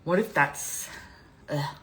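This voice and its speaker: A woman's voice: slow pace, a bit bright, a little hiss or hum, poor audio. A woman hosting a live stream, talking in a rambling, candid and emotional way, teary and laughing often. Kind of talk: casual live-stream talk.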